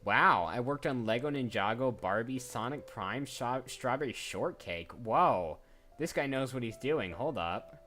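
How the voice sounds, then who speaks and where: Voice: mid-range voice, expressive, a little slow, fairly bright tone, soft background music. A voice actor chatting casually while browsing job listings, rambling and often cutting themself off. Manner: chatty, rambling, self-interrupting. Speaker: voice actor streaming job applications. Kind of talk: casual chat.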